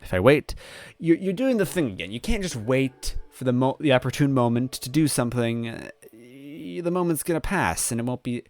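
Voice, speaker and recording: A man plays through a narrative game and reads its lines aloud, his pitch swinging widely as he jokes along. He talks at an ordinary middle height, and soft game music sits faintly behind him. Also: no echo. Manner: animated, joking, quick laughs. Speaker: let's play host. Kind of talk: let's play commentary, reading game text aloud.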